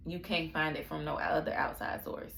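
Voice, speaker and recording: A woman's voice: sits low, moderate pace, creaky, fairly bright tone, echoey room, slight background noise. A young woman talking candidly in a casual personal vlog, confiding and full of slang and fillers. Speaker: vlogger.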